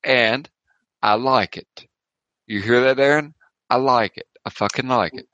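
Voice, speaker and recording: A man's voice: mid-range voice, unhurried, sharp tone, highs cut off. A male podcast host chatting casually in a joking, enthusiastic way. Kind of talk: casual chat.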